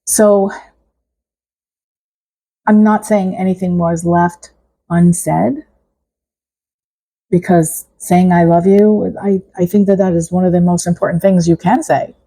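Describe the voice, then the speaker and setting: A middle-aged woman vlogs to camera in a low, husky, gravelly voice with a steady, dark tone. She speaks reflectively and haltingly, often restarting sentences, and the recording quality is low.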